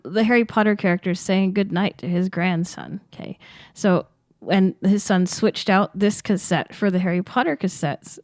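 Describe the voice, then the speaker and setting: A woman's voice: mid-range voice, darkish tone, no room sound, studio quality. A woman co-hosting a podcast, telling stories in casual chat and laughing often. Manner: chatty storytelling, laughs often. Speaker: podcast co-host.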